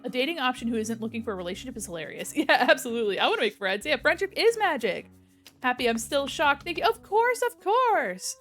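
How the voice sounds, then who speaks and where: A woman's voice: fairly high pitch, big pitch swings, fast talker, fairly bright tone, faint music behind. A young woman streaming a game, giggly, joking and swearing as she comments. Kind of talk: casual let's-play commentary.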